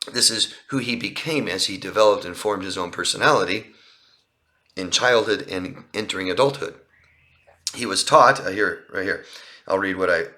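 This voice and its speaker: A man's voice: low-pitched, bright, forceful tone. A man working as a relationship coach, answering viewer questions in a live Q&A with an earnest, explanatory manner, outdoors by a street. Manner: earnest, explanatory, repeats and restarts phrases.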